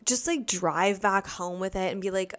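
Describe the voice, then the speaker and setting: A young American woman who vlogs tells a casual story at a medium pitch, rambling through a monologue filled with "like" and quick asides.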